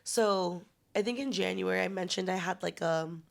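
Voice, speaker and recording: A young woman co-hosting a podcast, telling a story in a lively way, swearing freely and laughing often. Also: fairly low pitch, moderate pace, vocal fry. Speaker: podcast co-host. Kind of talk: casual chat.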